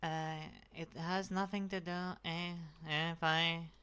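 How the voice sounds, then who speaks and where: A vlogger speaking in a slightly raspy feminine voice with a dry, sore throat, rambling and halting through a casual rant. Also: mid-range voice, flat delivery, bright, forceful tone. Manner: halting, full of restarts and fillers, profane.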